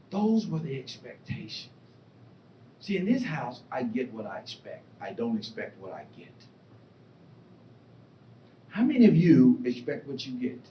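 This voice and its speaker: A middle-aged man giving a motivational keynote, telling stories with lively acted-out voices and questions to the crowd. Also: a little slow, pauses often. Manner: animated storytelling, acts out voices and asks the crowd questions. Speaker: keynote speaker. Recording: echoey hall, distant mic, faint rumble.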